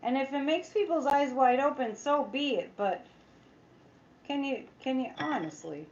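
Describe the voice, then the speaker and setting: A woman's voice: high-pitched, lively intonation, normal speed, darkish tone, dull audio, slight background noise. A woman psychic chatting casually on a livestream, rambling, reading viewer comments aloud and making sarcastic asides. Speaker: psychic tarot reader.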